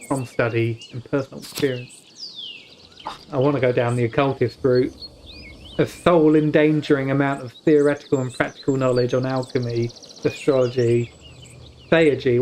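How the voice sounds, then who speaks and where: A man's voice: mid-range voice, a little mellow, slight background noise. A young man from the UK streaming a story game, reading its text aloud and stumbling over hard words with joking asides. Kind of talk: casual let's-play commentary, reading game text aloud.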